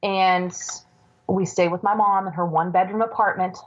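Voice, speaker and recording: A woman in her forties, a podcast guest, earnestly recounting a personal story with halting restarts. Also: mid-range voice, fairly even intonation. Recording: dull lo-fi recording.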